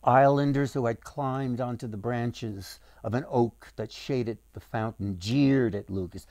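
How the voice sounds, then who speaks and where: A man's voice: mid-range voice, darkish tone, dry recording. A man as author reading his own storybook aloud, with acted voices for the characters.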